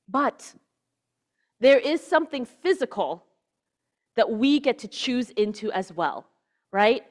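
A woman's voice: a little high, lively intonation, slow, pauses often. Woman preaching in a casual, chatty way. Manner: casual, keeps asking "right?", drops to a hushed voice on key words. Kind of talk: conversational sermon.

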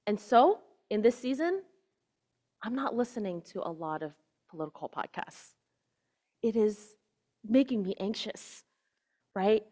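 A woman's voice: medium pitch, lively intonation, a little slow, pauses often. Woman preaching in a casual, chatty way. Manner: casual, keeps asking "right?", drops to a hushed voice on key words. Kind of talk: conversational sermon.

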